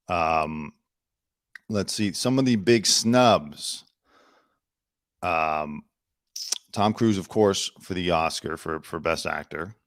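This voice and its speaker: A man's voice: low voice, no room sound, studio quality. A man hosting his own news commentary show, chatty and opinionated with sarcastic asides. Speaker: host.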